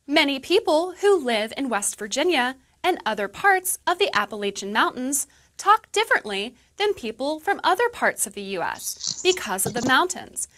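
A woman playing a friendly English teacher in a scripted lesson video, explaining slowly and clearly. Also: high voice, very animated, a bit bright. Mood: cheerful. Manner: slow, clear teaching delivery. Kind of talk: scripted educational dialogue.

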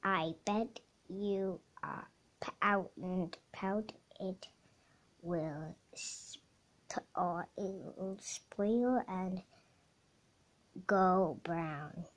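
A young girl reading a children's picture book aloud, slowly and haltingly, sounding out words, correcting herself and sometimes dropping to a whisper. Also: fairly low pitch.

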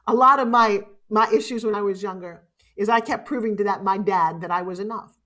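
A middle-aged woman giving a live motivational keynote, animated and emotional, swinging from loud exclamations to hushed asides. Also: mid-range voice, fairly quick. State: tearful at times. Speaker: motivational speaker.

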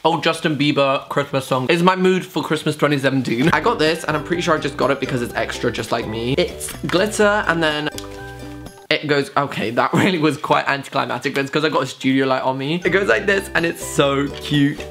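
Brief: camp young vlogger, sassy asides, squeals, music bed underneath. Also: male voice, a little high, brisk, gravelly, a bit bright. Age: young adult. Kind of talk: casual haul vlog. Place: bedroom with studio light. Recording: music playing behind the voice.

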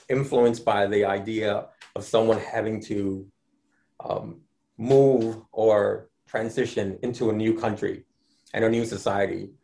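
A Dominican-born man explaining his artwork in an interview, speaking in a measured way with frequent ums and restarts. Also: lowish voice, gravelly, darkish tone. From Dominican Republic. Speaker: artist guest.

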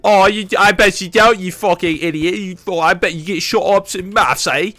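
A man putting on an exaggerated, shrill British accent for a rude mocking insulter. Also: normal speed, bright, forceful tone, no room sound. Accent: British put-on.

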